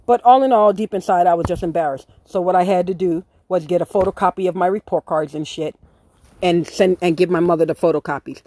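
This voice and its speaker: A woman hosting a podcast, telling a story in a blunt, profane, animated way with acted-out quotes. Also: lowish voice, a little fast, dry recording. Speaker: podcast host. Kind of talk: casual storytelling monologue.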